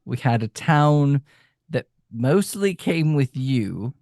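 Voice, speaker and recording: A man playing a tabletop role-playing game, speaking in a hesitant, stammering, halting way. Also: mid-range voice, lively intonation, darkish tone, no echo, studio quality. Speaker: player. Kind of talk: in-character tabletop role-play.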